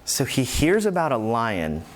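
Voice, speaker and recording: A man preaching a sermon as pastor, animated, acting out the voices in the scripture he tells. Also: mid-range voice, measured pace, a little hiss or hum. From New York.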